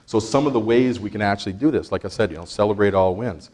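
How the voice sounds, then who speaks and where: A man presenting an interactive workshop, energetic, quizzing the audience and laughing often. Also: on the low side, quick pace. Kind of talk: interactive stress-management workshop.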